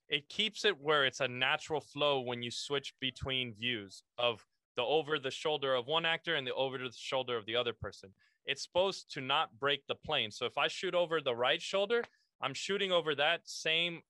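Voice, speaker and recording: A man hosting a podcast, telling a story in animated casual chat, swearing freely and saying "bro" often. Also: fairly high pitch, dry recording.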